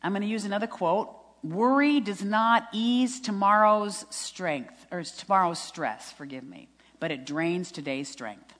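A woman's voice: medium pitch, expressive, unhurried, few pauses, a bit bright. A middle-aged woman giving an earnest testimony sermon, quoting scripture and laughing at herself. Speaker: speaker at a women's retreat. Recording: long reverb in a hall.

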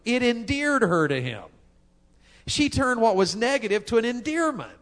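A man's voice: extremely high pitch, big pitch swings, normal speed, a bit bright. A man preaching a sermon, driving his points home with rhetorical questions. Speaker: pastor.

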